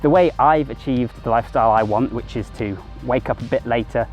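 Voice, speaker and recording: Male vlogger, quick rambling delivery, faint background music. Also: mid-range voice, lo-fi sound. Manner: rambling, conversational, corrects himself mid-sentence. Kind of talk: casual self-help monologue to camera.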